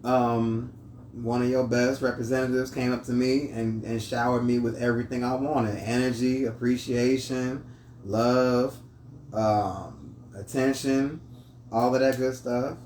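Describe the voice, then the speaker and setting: A man's voice: medium pitch, steady tone, unhurried, a little mellow. A man hosting a casual chat over drinks, laid-back and rambling. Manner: laid-back, storytelling with many restarts. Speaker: host. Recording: echoey room, voice from mic distance, faint noise.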